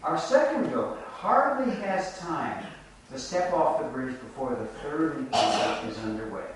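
A man's voice: fairly high pitch, sing-song. A man preaching a reflective sermon, telling a folk tale and drawing lessons from it, recorded from a distance. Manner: reflective, measured storytelling. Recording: echoey room from a distant mic.

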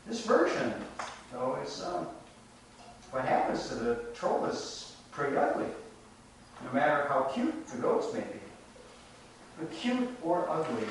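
A man's voice: mid-range voice, animated, measured pace, background noise. A man giving a thoughtful, sermon-like talk on a folk tale, wryly asking his listeners questions. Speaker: speaker reflecting on a folk tale. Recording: echoey hall, heard from far off.

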